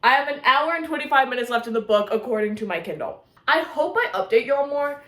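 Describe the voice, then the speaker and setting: A young woman talks through a casual reading vlog, her voice pitched high and bouncing with excitement. She gushes and drifts into giggles and squeals, and the room around her rings with a noticeable echo. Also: quick pace. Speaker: book vlogger.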